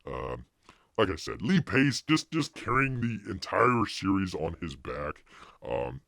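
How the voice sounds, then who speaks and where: A man's voice: low-pitched, very animated, unhurried, gravelly, fairly bright tone, no room sound, clean studio sound. A man hosting a live stream, chatting casually in a rambling way, with frequent restarts and laughter. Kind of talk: casual review chat.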